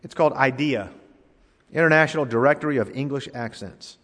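A male pastor delivers a sermon at a mid pitch. He builds to forceful peaks, then drops to hushed, slow phrases, and asks rhetorical questions. His voice rings out with the long reverb of a large hall. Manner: preaching with rising and falling emphasis, rhetorical questions.

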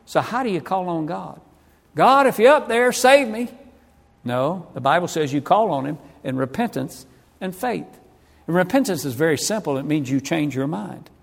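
A man's voice: on the high side, lively intonation, normal speed, gravelly, breathy edge. A middle-aged man from North Carolina, telling his conversion story as a sermon, acting out the voices of the people in it. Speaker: evangelist giving his testimony. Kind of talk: sermon testimony. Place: church hall. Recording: long hall reverb.

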